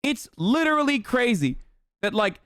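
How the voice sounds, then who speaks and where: A man's voice: very high voice, big pitch swings, normal speed, fairly bright tone, smooth, no echo. A young man streamer ranting heatedly and profanely in live-stream commentary, reading posts and mocking them.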